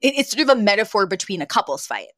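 A woman's voice: mid-range voice, big pitch swings, very fast, a bit bright, dry recording. A woman co-hosting a podcast, chatting casually about a sitcom episode, acting out quoted lines and laughing often. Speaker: podcast co-host. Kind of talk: casual chat recapping a sitcom.

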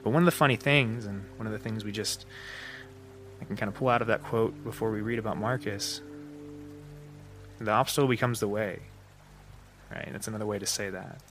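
A man's voice: lowish voice, a little fast, long pauses, a bit bright, faint music behind. A man hosting a solo podcast, thinking aloud with fillers and restarts, his breath slightly shaky and short. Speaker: podcast host. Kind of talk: unscripted solo podcast talk.

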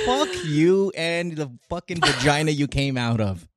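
A man's voice: on the high side, lively intonation, moderate pace, hardly any pauses. A man from the Philippines hosting a call-in podcast over a video call, ranting with lots of swearing and laughter. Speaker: podcast host taking callers. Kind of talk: casual chat.

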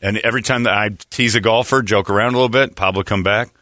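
A male radio host spins a long story in loose, casual chat, slipping into the voices of the people he quotes. His low but bright voice moves fast with fairly even intonation, and the sound is dry and close with no room sound.

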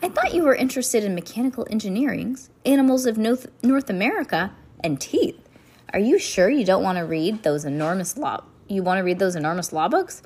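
A woman's voice: medium pitch, brisk, slightly rough. A woman reading aloud, voicing an eager, stage-struck woman judge in a raised, gushing voice. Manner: gushing, excited.

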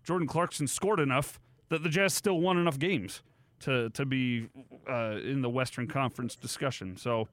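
A man's voice: medium pitch, normal speed, a bit bright, no echo. A man hosting a sports talk radio show, chatty and laughing often as he takes calls. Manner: chatty, laughs often, reads phone number.

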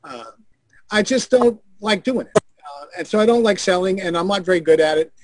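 An older man tells stories on a video call in a high, lively voice, cursing freely and acting out the people he quotes. The sound is dry, with no room around it. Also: moderate pace, dry recording. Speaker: guest on a video call show. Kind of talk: anecdotal storytelling.

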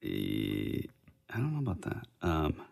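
A man's voice: fairly low pitch, animated, a little slow, creaky, fairly bright tone. A man co-hosting a podcast in casual chat, joking, laughing and stumbling over his words. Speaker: podcast co-host.

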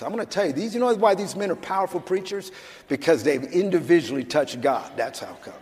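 A man's voice: high-pitched, expressive, brisk, a little mellow. An older man pastor preaching a sermon in an emphatic, conversational way, with restarts and asides. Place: church sanctuary. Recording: church hall with long reverb.

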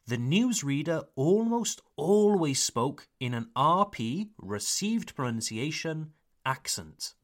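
A man's voice: medium pitch, fairly bright tone. A man with a British accent close to received pronunciation, hosting an English lesson podcast for learners and speaking carefully with frequent repetitions. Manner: careful, deliberate delivery with repetitions and French glosses. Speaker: English teacher and podcast host. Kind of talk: slow, clearly articulated podcast lesson for learners.

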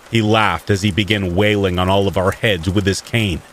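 Low-voiced man narrating horror stories. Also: slight background noise. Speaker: podcast storyteller. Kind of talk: scripted horror story narration. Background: steady rain.

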